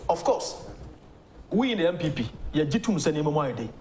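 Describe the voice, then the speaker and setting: A man's voice: a little high, very animated, moderate pace, a little mellow, a little hiss or hum. A man with a Ghanaian accent, a lawyer arguing his points emphatically as a guest on a political talk show. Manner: emphatic, argumentative. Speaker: legal practitioner guest.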